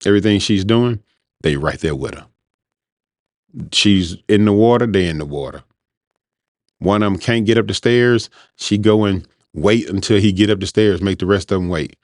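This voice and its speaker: A man's voice: lowish voice, normal speed, no room sound, studio quality. A man hosting a show, talking in a loose, rambling, informal monologue. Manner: rambling, conversational, informal speech. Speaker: podcast host. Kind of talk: casual monologue.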